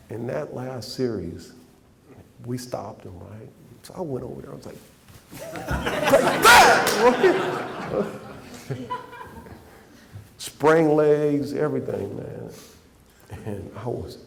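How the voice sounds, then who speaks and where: A man telling an animated story as an interview guest, acting out the other voices and breaking into laughter. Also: mid-range voice, creaky, a little hiss or hum. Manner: animated anecdote with quoted voices, laughing, restarts.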